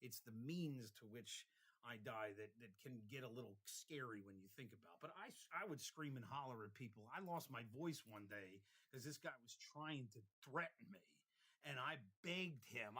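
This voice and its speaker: A young man talking casually in a rambling vlog monologue, drifting between tangents and getting loud when worked up. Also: medium pitch, expressive, normal speed, breathy edge, low-quality recording. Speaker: vlogger.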